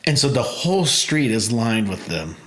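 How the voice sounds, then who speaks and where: Animated middle-aged male storyteller. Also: mid-range voice, moderate pace. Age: 40s. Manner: animated storyteller, acts out quoted voices. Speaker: guest, food truck owner. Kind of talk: casual storytelling interview.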